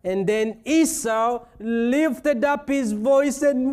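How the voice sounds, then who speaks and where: A man's voice: extremely high pitch, extremely slow, few pauses, darkish tone, clear, resonant tone. A man preaching a sermon as pastor, retelling a scripture story with playful asides.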